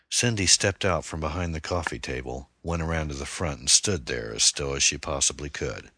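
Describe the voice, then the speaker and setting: A man narrating a thriller novel chapter in a measured, deliberate way. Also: extremely low pitch, pushed and bright, no echo, studio quality. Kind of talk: audiobook narration.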